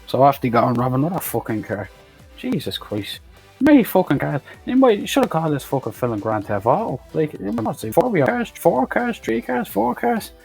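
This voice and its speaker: A man's voice: on the high side, big pitch swings, a little fast, creaky, darkish tone, husky, soft background music. A man recapping a film in a rambling, sweary, sarcastic way. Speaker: film reviewer. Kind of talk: profane comedic movie recap.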